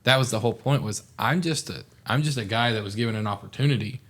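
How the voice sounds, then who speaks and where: He talks fast, his mid-range voice slightly bright, as a young adult guest on a laid-back podcast. Formerly a student officer and hailing from southeast Oklahoma, he's sincere and heartfelt, rambling along with plenty of "like".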